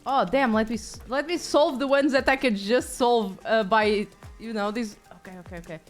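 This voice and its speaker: A woman's voice: fairly high pitch, moderate pace, faint music behind. A woman streaming a video game, chatting casually with viewers, rambling and swearing offhand.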